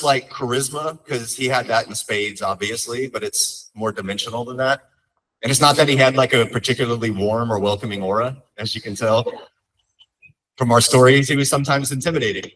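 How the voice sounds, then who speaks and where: A man's voice: medium pitch, brisk, a bit bright, distant mic, rough recording. A young man speaking as a son at his father's memorial, telling heartfelt stories with light humor. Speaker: son giving a eulogy. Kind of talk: memorial eulogy storytelling.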